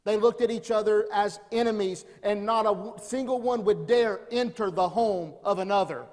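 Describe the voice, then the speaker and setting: A man's voice: high-pitched, normal speed, darkish tone, long reverb tail. A man preaching a sermon as pastor, building emphasis with rhetorical questions. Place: church.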